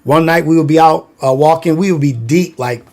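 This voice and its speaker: A man's voice: on the high side, brisk, a little mellow. A man from Long Beach, California, telling wild stories from his youth in loose, slangy livestream chat full of fillers. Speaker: livestream host. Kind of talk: casual storytelling livestream.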